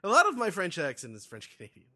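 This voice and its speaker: A male podcast host chats casually and reads passages aloud. His voice rides up and down a lot. It sounds bright and a little high. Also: huge pitch swings, fast talker. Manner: reads aloud animatedly, with fillers. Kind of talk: casual recap chat.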